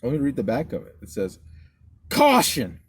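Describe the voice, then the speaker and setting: A man's voice: mid-range voice, animated, fast talker. A man riding along as podcast co-host, crudely teasing his friend in casual chat inside a car. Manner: crude teasing, reads labels aloud. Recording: loud car noise behind.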